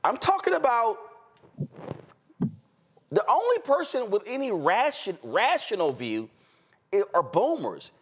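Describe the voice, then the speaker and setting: A man's voice: sits high, measured pace, long pauses, a little hiss or hum. A middle-aged man from Houston hosting a talk show, arguing his point in an emphatic, opinionated way. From Houston, Texas. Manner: emphatic, argumentative, animated.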